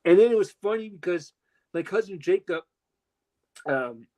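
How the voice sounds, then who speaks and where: A man's voice: normal speed, rough recording. A man casually telling a long personal story on a podcast, acting out the quotes and swearing freely. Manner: animated, acts out quotes with pitch jumps, swears casually. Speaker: podcast host.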